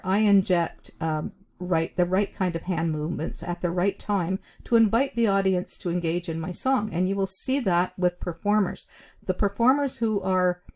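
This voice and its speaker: Mellow, lower-voiced woman teaching. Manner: deliberate, with emphasized words and short pauses; chatty, with frequent fillers. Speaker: job skills instructor. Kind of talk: instructional talk to camera.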